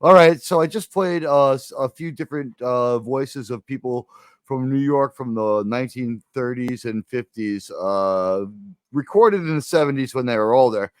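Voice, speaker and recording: Rambling guy from the northeast us, casual review chat, mid pitch, dry close mic. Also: a little slow, clean tone, no echo. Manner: rambling, animated, filler-heavy. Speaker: podcast host.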